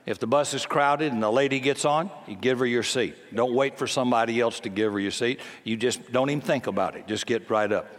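Long hall reverb carries the voice of a man in his seventies, medium in pitch, fairly quick and with few pauses. His sermon is folksy and emphatic, and he often acts out quoted voices.

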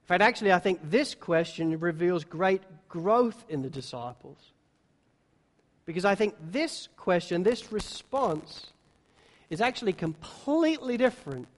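A man preaching a sermon, now and then acting out the disciples' words in quick little voices. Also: high voice, expressive. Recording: long hall reverb.

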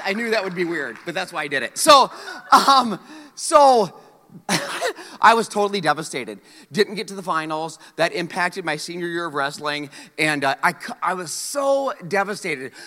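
A man preaching a sermon, telling a story in an animated, joking way. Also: high voice, in a large hall. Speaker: pastor.

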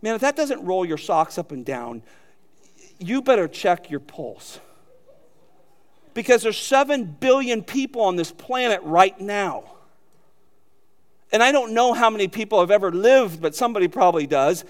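Male pastor, high voice, emphatic sermon delivery with direct rhetorical questions. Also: expressive, normal speed, pauses often. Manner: emphatic preaching, rising to loud peaks.

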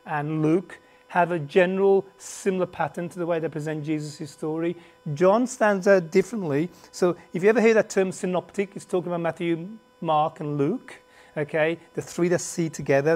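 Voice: mid-range voice, normal speed, darkish tone. A preacher teaching a Bible class to a live group, conversational, with restarts and asides, who often and emphatically puts questions to the audience and has a slight cough. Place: standing before a group in a meeting room.

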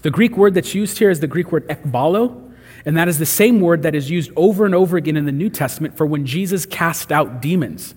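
A man's voice: fairly high pitch, lively intonation, brisk, darkish tone, breathy edge, in a large hall. A man preaching a sermon in a conversational way, acting out the voices he quotes. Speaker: pastor.

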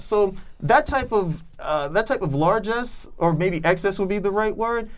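A man's voice: high-pitched, expressive, moderate pace, hardly any pauses. A man on a podcast, chatting casually about films in a rambling way with many restarts. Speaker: podcast co-host. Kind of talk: casual film review chat.

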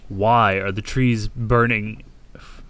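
A man's voice: on the low side, fairly even intonation, takes it slowly, a bit bright, smooth. A man playing in a tabletop game, talking hesitantly and asking questions. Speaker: player. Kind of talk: tabletop role-play.

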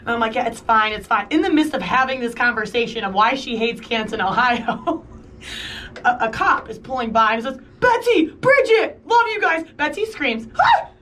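Chatty woman co-host, high voice. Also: moderate pace, sharp tone, distant mic, a little hiss or hum. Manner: chatty, acts out quoted dialogue. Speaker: podcast co-host. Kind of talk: casual storytelling chat.

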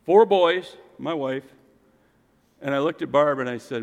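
A middle-aged man preaching a sermon and telling a personal story, swinging from loud, lifted lines to hushed, quiet ones. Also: mid-range voice, unhurried, gravelly. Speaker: pastor. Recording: long hall reverb.

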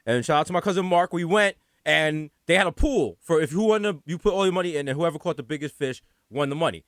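A man's voice: fairly high pitch, animated, quick pace, no echo, clean studio sound. A man with a New York accent from the Bronx, telling a rambling funny story in casual chat, full of slang and swearing. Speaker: podcast co-host.

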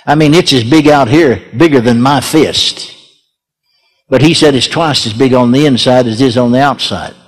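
A man's voice: mid-range voice, normal speed. An older man preaching a sermon, telling a story in a folksy way with chuckles and repeated words. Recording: echoey hall reverb.

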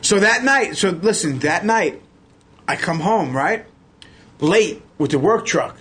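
A man telling a long, excited story as a podcast guest, loud and profane as he acts out what people said. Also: sits high, slow, slightly rough. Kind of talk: animated storytelling.

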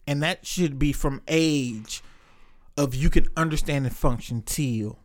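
A man's voice: on the high side, measured pace. A man in casual chat, telling stories in a loose, profane way and acting out the voices of other people.

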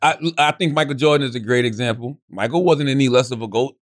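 A man co-hosting a podcast, talking in animated, preachy, teasing casual banter. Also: mid-range voice, fast talker. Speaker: podcast co-host.

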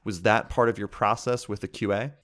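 A man's voice: fairly low pitch, fairly even intonation, a little fast, fairly bright tone. A man hosting a podcast interview, asking long, rambling, chatty questions. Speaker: podcast host. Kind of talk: casual interview.

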